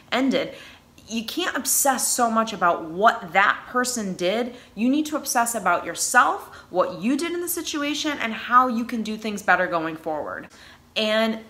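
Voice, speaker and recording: A woman's voice: mid-range voice, sharp tone. A woman with a New England accent giving casual, earnest advice in a conversational way, with frequent fillers. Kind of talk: casual advice talk on anxiety.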